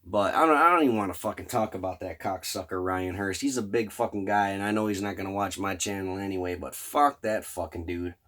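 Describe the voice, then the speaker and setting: A man with a lowish voice tells a long, rambling story straight to camera. He swears constantly and sounds enthusiastic and loose, like he is chatting with regular viewers. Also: brisk, few pauses, fairly bright tone, slight background noise. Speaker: vlogger. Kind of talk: casual storytelling about a fan convention.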